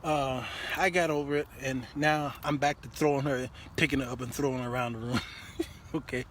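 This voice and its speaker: A middle-aged man hosting a talk show, telling stories in an animated, laughing way and often repeating himself. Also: mid-range voice, brisk, a little hiss or hum. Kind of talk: comedic storytelling monologue.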